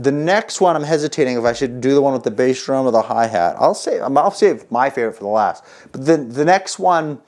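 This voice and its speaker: A man teaching a casual drum lesson, chatty and relaxed, counting rhythms out loud. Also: mid-range voice. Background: drum kit playing.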